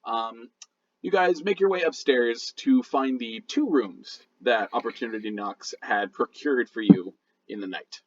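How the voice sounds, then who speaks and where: A man narrating a tabletop game as game master, in a relaxed way full of fillers, recorded with slightly muffled lo-fi audio. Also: medium pitch, measured pace.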